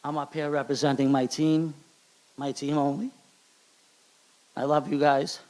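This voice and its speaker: A middle-aged man with a Boston accent giving an emotional hall of fame acceptance speech at a banquet, halting and repeating words. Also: fairly high pitch, flat delivery, darkish tone. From Charlestown, Boston.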